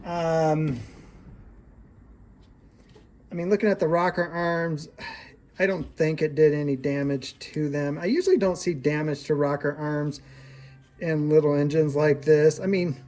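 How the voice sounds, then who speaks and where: A small engine repair technician giving a casual hands-on walkthrough in a repair shop, relaxed and plain-spoken, thinking aloud while working. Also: mid-range voice, moderate pace.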